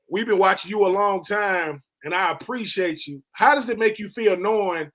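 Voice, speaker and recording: A man's voice: high voice, normal speed, a bit bright. A man co-hosting a sports radio show, talking in an earnest, slangy, conversational way. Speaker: co-host. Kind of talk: casual sports radio chat.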